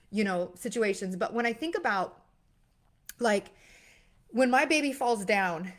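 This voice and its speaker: A young woman giving a casual motivational talk, earnest, with many fillers and restarts. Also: mid-range voice. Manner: acts out worried voices with sudden gasps. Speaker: mindset coach. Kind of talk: motivational monologue.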